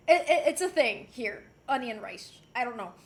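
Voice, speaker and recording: Her voice sits on the high side with lively intonation, and she speaks a little slowly. At home on a livestream, she chats casually and reads viewers' messages aloud, stopping between comments to coo at and tease her pet.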